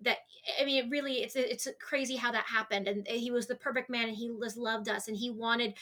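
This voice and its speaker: Bright-voiced young woman, candid and emotional. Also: a little high, fairly even intonation, a little fast. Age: 20s. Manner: open and emotional, frequent restarts. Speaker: podcast guest. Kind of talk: candid conversational interview.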